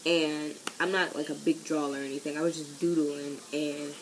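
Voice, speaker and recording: Young woman, casual storytime vlog, chatty, animated, lowish voice. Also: moderate pace, slight background noise, poor audio. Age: young adult. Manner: chatty and animated, acting out quoted voices with big pitch jumps. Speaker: vlogger.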